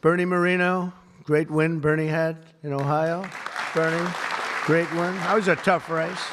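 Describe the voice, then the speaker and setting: A man's voice: on the high side, flat delivery, a little slow, crowd noise, background noise. A man giving an off-the-cuff public speech to a live audience, rambling and repetitive, with many superlatives and asides. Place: event hall with a live audience.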